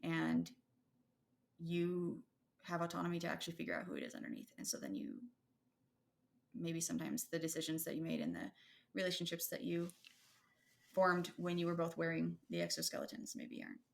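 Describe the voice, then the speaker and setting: A woman's voice: lowish voice, a little fast, vocal fry, long pauses. A woman in her thirties co-hosting a podcast, talking in a thoughtful, rambling way with many fillers and restarts. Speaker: podcast co-host. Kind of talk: casual conversational chat.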